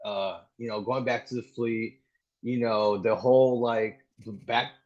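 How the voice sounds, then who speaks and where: A man's voice: mid-range voice, a little slow. A man in his thirties, an active-duty Marine guest, telling stories in a casual podcast interview, swearing often and leaning on "like" and "dude". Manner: animated storytelling, heavy swearing, lots of "like" and "dude". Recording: muffled, dull audio.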